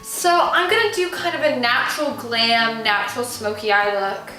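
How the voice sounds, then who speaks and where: A woman's voice: on the high side, animated, normal speed, bright, forceful tone. A young woman doing a casual makeup tutorial at home, chatty and giggly with jokey asides. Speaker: makeup vlogger. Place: room at home. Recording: echoey room with music behind.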